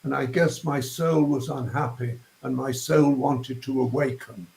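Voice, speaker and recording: Slow, posh older Englishman in an echoey room. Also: medium pitch, fairly even intonation, vocal fry, a little mellow. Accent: posh southern English. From England. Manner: slow, thoughtful, searching for words with ums and restarts. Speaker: guest. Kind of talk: reflective interview talk.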